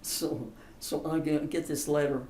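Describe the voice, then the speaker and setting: A woman's voice: deep voice, fairly even intonation, a little slow, mellow. An older woman in a casual interview, telling family stories in a chatty, emphatic way. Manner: chatty, emphatic, laughs through her stories. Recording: roomy, distant mic, faint background hiss.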